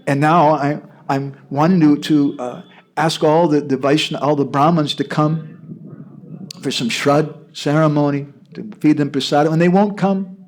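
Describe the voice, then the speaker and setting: An American man voicing a grieving, grateful male devotee who speaks softly and pleadingly. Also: a little high, steady tone, a little slow, close to an everyday voice. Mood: hurt, pleading.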